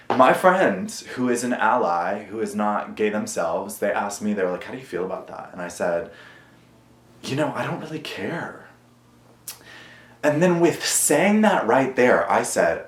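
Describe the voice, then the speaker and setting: A man's voice: fairly low pitch, reverberant. A man vlogging a candid confessional monologue to camera, earnest and self-critical, swearing often. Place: at home.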